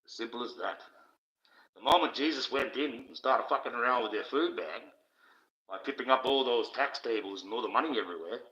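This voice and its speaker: A man's voice: mid-range voice, fairly quick, bright, forceful tone. Profane rambling man, echoey and dull. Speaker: livestream host. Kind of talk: rambling livestream monologue. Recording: dull, echoey room sound.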